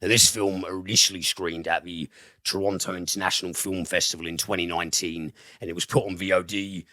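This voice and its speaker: Deep-voiced, swearing podcast film reviewer. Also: male voice, steady tone, brisk, bright, forceful tone, no echo, studio quality. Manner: rambling and swears freely, with many fillers. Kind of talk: casual film review chat.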